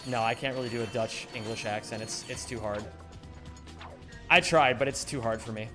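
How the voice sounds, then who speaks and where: A man's voice: mid-range voice, fairly even intonation, moderate pace, fairly bright tone, soft background music. A man streaming a speedrun in casual chat, joking and mocking himself as he reads and answers viewers' messages.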